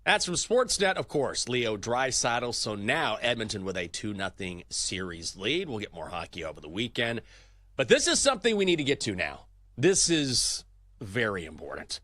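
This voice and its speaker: A male sports betting host with a bright, forceful voice that jumps all over the place. His delivery is lively, with quick swings from hype to deadpan asides, recorded close and dry in a studio. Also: medium pitch, dry recording. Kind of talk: energetic sports betting talk show.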